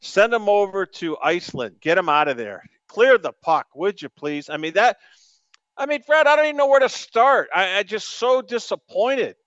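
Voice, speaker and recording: Emphatic high-voiced sports radio host. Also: male voice, big pitch swings, normal speed, fairly bright tone, no room sound, muffled recording. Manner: emphatic, exasperated ranting. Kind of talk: call-in sports talk.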